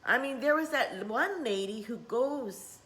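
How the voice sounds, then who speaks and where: A woman's voice: on the high side, lively intonation, measured pace. A middle-aged woman who teaches spiritual workshops, rambling in a casual vlog and dropping in Japanese words. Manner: rambling, warm-hearted, mixes in Japanese words.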